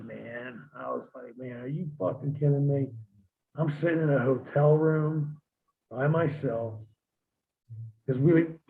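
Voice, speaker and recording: A man spins loose, profane road stories in a relaxed interview voice, his pitch sitting squarely mid-range. The sound comes through thin and tinny, as if over a phone line. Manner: profane, laid-back storytelling with laughs. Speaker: guest, former wrestler. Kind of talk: casual storytelling interview.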